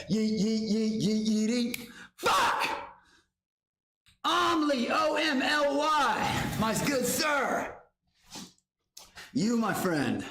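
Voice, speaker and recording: A young man hosting a livestream from his garage, loud and profane, shouting out names from chat. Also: extremely high pitch, very animated, drawn-out words, pauses often, faint music behind. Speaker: livestream host. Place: home garage. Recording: roomy garage echo.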